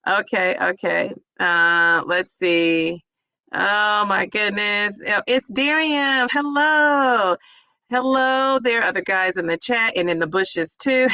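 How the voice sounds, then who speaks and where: A woman's voice: medium pitch, slow pace, bright, forceful tone, smooth, dry recording. A middle-aged woman hosting a casual livestream, chatting effusively and greeting viewers by name as she reads their comments. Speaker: weight-loss vlogger hosting a livestream.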